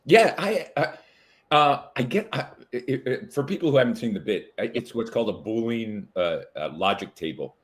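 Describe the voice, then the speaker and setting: A middle-aged man talks casually as a comedian guest, stopping and restarting his sentences with lots of fillers. His pitch bounces around a lot as he tells his stories. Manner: animated, halting with many fillers and restarts. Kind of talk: casual interview chat.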